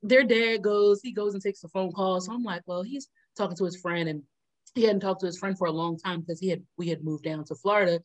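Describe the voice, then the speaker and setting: A woman's voice: mid-range voice, brisk. A woman co-hosting a casual chat, telling a story with lots of laughter and acted-out quotes. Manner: animated, laughs often, acts out quotes. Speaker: co-host.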